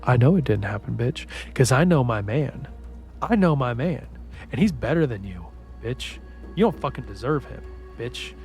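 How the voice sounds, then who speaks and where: A man's voice: medium pitch, a little slow, darkish tone, faint music behind, lightly acted. A man voicing a fierce, catty young wife who taunts and curses at her rival. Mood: taunting. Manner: cursing, taunting, confrontational.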